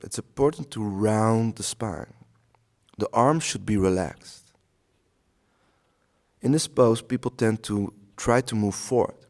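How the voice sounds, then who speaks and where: A man teaching a slow yoga class, guiding the poses and the breath in a calm, soothing way with long pauses. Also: lowish voice. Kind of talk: guided yoga instruction.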